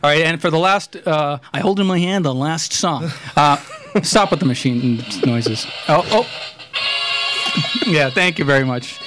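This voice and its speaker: A man's voice: a little high, unhurried, music in the background, low-quality recording. A man co-hosting a podcast in casual joking chat, laughing often. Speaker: podcast co-host.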